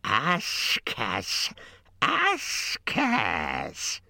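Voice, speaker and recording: A man's voice: on the low side, huge pitch swings, extremely slow, bright, forceful tone, no room sound, voice pushed up, heavily acted. A man voicing Gollum, a wretched hissing male cave creature who wheedles and calls himself us, in an audiobook. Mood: agitated. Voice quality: gravelly. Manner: hissing, wheedling, talks of itself as us. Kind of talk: audiobook character voice.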